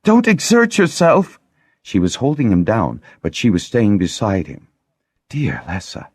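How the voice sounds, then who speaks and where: A man narrating an audiobook in a deep, husky voice with a lively, rolling melody. The recording is dry and close. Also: normal speed, dry recording. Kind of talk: scripted narration.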